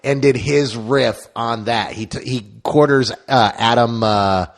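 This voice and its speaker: A man's voice: mid-range voice, a little slow. Casual male podcast co-host. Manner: animated, slips into impressions. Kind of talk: casual chat.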